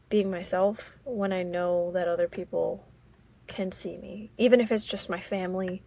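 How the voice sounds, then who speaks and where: An American woman from Maryland hosting a casual solo podcast, rambling and halting with many fillers. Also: mid-range voice, vocal fry, a little mellow. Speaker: podcast host.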